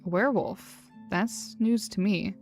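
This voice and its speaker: A woman's voice: mid-range voice, measured pace, darkish tone, faint music behind, close to an everyday voice. A woman voicing a curious adventurer who speaks politely and formally, asking question after question.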